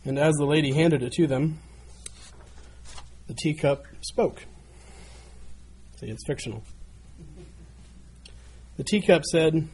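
A man's voice: a little high, a little slow, long pauses, dark tone. A man preaching a sermon, telling a story in an earnest way and building in volume as it goes. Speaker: pastor.

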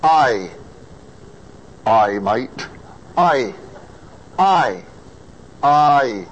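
A man's voice: medium pitch, lively intonation, drawn-out words, muffled recording. A man with an American accent teaching a class about vowel sounds, patiently sounding out vowels and asking his students questions. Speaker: singing or diction teacher.

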